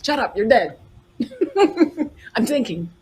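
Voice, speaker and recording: A woman's voice: high voice, big pitch swings, slow, darkish tone, slightly rough, poor audio. A woman playing a tabletop game, joking casually and swearing easily. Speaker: player. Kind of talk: casual tabletop role-play.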